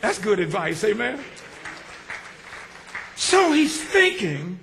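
A man, preaching a sermon with call-and-response, swinging from shouts to hushed asides. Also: high-pitched, sing-song, normal speed, some chatter behind, slight background noise. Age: 60s. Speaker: pastor.

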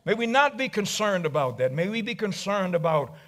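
A male pastor preaching a dramatic sermon, swinging from loud to hushed. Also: high-pitched, very animated, brisk.

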